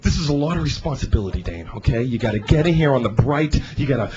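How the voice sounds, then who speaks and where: Stand-up impression: a solemn, earnest store boss played by a man, lower and quieter, dull live recording with crowd. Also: lively intonation, fast talker, natural voice. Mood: serious. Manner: grave, earnest instructions. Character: overly serious male video store manager, middle-aged.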